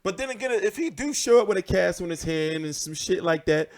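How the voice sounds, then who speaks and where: A man's voice: high-pitched, fairly quick. A man hosting casual boxing commentary, ranting with lots of swearing and repetition. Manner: animated, profane, repeats himself.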